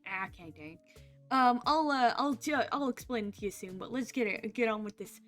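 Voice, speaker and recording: Chatty woman streamer, higher voice. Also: brisk, a bit bright, faint music behind. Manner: chatty, rambling, laughs often. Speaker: streamer host. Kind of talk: casual stream chat.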